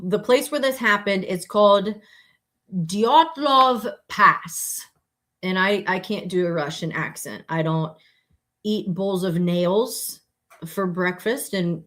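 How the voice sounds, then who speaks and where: A woman's voice: on the low side, fairly bright tone. A woman hosting a podcast on a live stream, talking casually and rambling, with many fillers and self-corrections. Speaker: podcast host.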